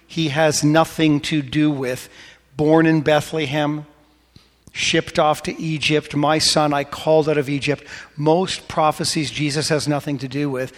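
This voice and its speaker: A man preaching a sermon, questioning his congregation, rising to animated emphasis and dropping to soft prayerful tones. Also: a little high, in a large hall. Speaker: pastor.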